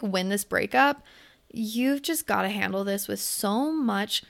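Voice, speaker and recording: Gravelly-voiced woman podcast host. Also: mid-range voice, fairly bright tone. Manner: candid, swears freely, many fillers. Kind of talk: casual advice talk.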